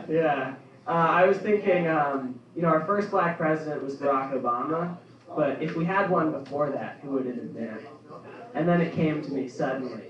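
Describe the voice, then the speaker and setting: A man's voice: on the high side, slight background noise. A young man performing a rambling stand-up set in a comedy club, full of ums and his own laughs. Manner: rambling, filler-heavy, laughs at own jokes. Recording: echoey club room, distant dull mic.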